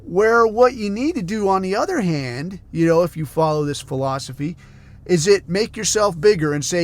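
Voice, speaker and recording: A man's voice: sits high, lively intonation, moderate pace. A man from the United States, hosting a podcast and ranting in a heated, profane, sarcastic way. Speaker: podcast host.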